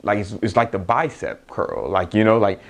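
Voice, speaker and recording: A man's voice: on the low side, expressive, moderate pace, gravelly. A young man, an entrepreneur, giving a blunt, profane motivational talk with frequent laughs and restarts.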